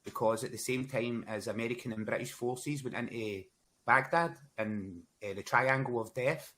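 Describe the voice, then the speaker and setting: A man's voice: medium pitch, normal speed, a bit bright. A man, a podcast guest telling stories in laid-back casual chat. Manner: laid-back storyteller, says "bro" and "hell yeah".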